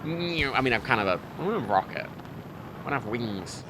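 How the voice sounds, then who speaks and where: A young man livestreaming a game, rambling and mocking himself with sudden loud outbursts. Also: medium pitch, lively intonation, moderate pace, background noise. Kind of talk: casual gameplay chat.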